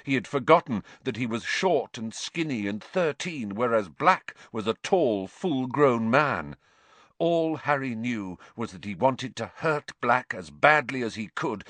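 Slow, bright-voiced male storyteller. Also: medium pitch, no room sound. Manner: measured, expressive storytelling. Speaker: audiobook narrator. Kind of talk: scripted narration.

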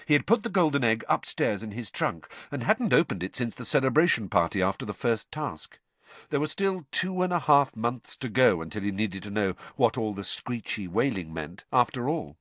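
A man narrating a storybook aloud with expressive delivery. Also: medium pitch, moderate pace, dry recording. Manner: expressive, animated. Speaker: audiobook narrator.

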